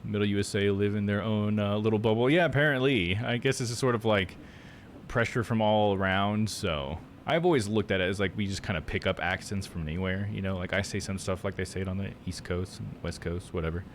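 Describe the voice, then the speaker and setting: A man's voice: lowish voice, brisk, slight background noise. A man with a rural Midwestern American accent, chatting casually while streaming a video game, rambling with lots of "like.". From United States. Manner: rambling, full of "like" and restarts. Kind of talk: live gameplay commentary.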